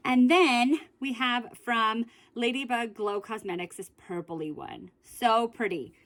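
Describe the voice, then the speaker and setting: A woman's voice: fairly high pitch, takes it slowly, a bit bright, a little hiss or hum. A woman in a casual beauty vlog, chatting in a rambling way about her lip glosses and correcting herself as she goes. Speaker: beauty vlogger. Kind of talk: casual makeup declutter vlog.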